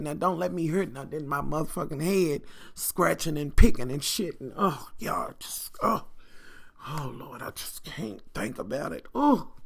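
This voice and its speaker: A middle-aged woman tells a story to her viewers in a vlog. Her voice is heavily gravelly with fry, and her delivery is animated and salty. She speaks to her audience directly and often calls them y'all. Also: deep voice. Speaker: vlogger.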